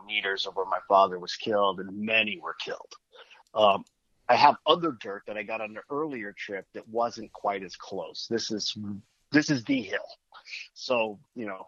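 Guest guy, kinda low voice, bright tone, reflective, earnest. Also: no room sound, muffled recording. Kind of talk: casual conversation.

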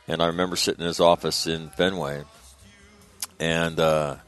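Middle-aged male guest with a deep, low register; chatty, meandering anecdotes, lots of "uh" and restarts. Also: level tone, normal speed, fairly bright tone, faint music behind. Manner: rambling, conversational, frequent fillers and restarts. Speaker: guest recalling his father. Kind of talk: casual spoken storytelling.

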